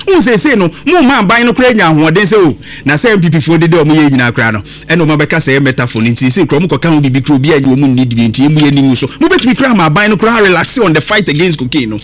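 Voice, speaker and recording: A man's voice: fairly high pitch, lively intonation, very fast, hardly any pauses, a bit bright. A man with a Ghanaian accent hosting radio political commentary, emphatic and indignant, repeating words for stress. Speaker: radio host.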